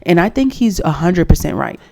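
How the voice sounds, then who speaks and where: A woman's voice: big pitch swings, normal speed, vocal fry, dark tone. A woman giving a casual, sassy recap of a reality dating show, acting out quotes from the cast as she goes. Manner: sassy, acts out cast quotes with rising pitch.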